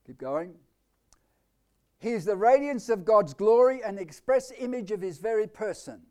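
An Australian-accented man delivers a live sermon at a normal speed, his high-sitting voice full of lively intonation. He quizzes the congregation with questions and swings from loud declarations to quiet asides.

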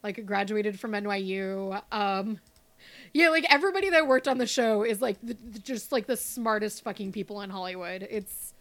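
A young woman co-hosting a podcast in casual banter, animated and sarcastic, swearing freely and slipping into mocking voices. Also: mid-range voice, normal speed. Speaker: podcast co-host.

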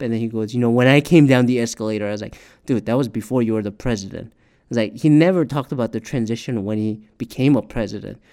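A man giving a casual, profane political rant, with animated delivery and quotes acted out in shifting voices. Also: on the high side. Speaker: commentator.

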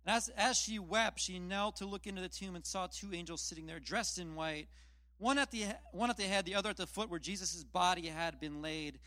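A man's voice: high-pitched, brisk, sharp tone, dry recording. A man preaching a casual sermon, retelling scripture in plain, chatty storytelling with self-deprecating asides. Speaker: pastor.

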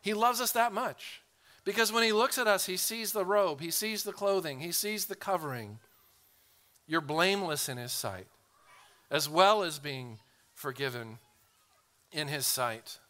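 A man preaching a sermon as pastor, earnest, often repeating a word as he starts a phrase and slowing right down to read scripture. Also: high-pitched, sharp tone.

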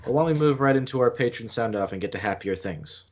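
A man's voice: mid-range voice, fast, muffled recording. A man co-hosting a podcast, explaining things at length with frequent restarts. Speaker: podcast co-host. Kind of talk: casual podcast chat.

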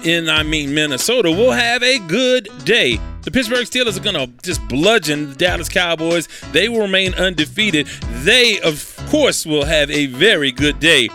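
Bright-voiced male sports talk host. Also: a little high, lively intonation, moderate pace, hardly any pauses, faint music behind. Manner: chatty, self-correcting, wry asides. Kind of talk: casual sports picks commentary.

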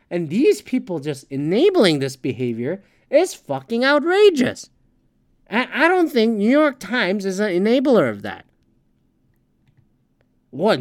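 A woman hosting a solo podcast, ranting angrily and swearing constantly, with sarcastic rhetorical questions. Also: mid-range voice. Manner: angry, profane, swearing constantly. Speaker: podcast host.

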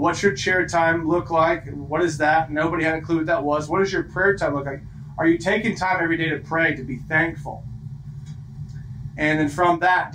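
Male pastor, thirties, preaching in a casual, earnest way; higher-than-usual voice in an echoey room. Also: a bit bright. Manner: conversational, earnest, repeats phrases for emphasis. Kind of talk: sermon.

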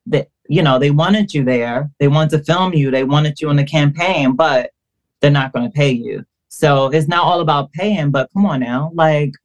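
A woman guest on a podcast, telling a personal story in a casual, animated way, acting out quoted dialogue and using lots of fillers. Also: sits low, normal speed.

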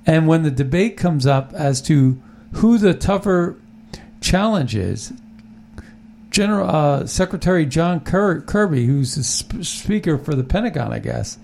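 Brief: gravelly, opinionated talk-show host. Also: male voice, a little high, a little mellow, slight background noise. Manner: rambling, opinionated, many restarts. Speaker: podcast host. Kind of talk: casual political talk.

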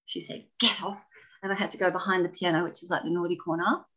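Woman, somewhat low voice, expressive, laughing, casual storytelling. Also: quick pace, poor audio. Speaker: guest, former ballet dancer.

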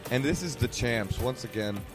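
A man's voice: medium pitch, lively intonation, normal speed, music in the background. A man co-hosting a podcast from a hotel room, with upbeat, playful hype. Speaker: podcast co-host. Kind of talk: casual podcast banter.

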